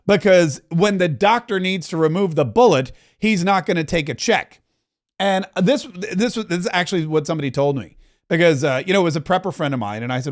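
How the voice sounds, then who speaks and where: Wry, rambling male podcast host. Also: on the high side. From immigrant, living in Florida. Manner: rambling, wry, with asides and restarts. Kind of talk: casual political commentary.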